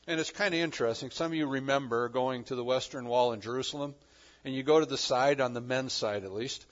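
A man preaching a sermon, swinging between loud emphasis and quiet asides. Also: mid-range voice, lo-fi sound. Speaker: pastor.

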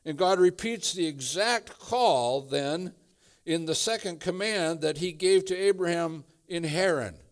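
Guy preaching a sermon, slow deliberate delivery, leans hard on repeated lines. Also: on the high side. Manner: slow, emphatic preaching, building up repeated phrases. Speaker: pastor.

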